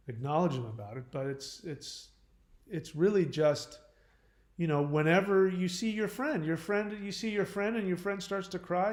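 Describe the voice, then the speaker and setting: A man's voice: a little high, darkish tone, roomy sound. A man hosting a casual live talk, rambling with many fillers and restarts. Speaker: host.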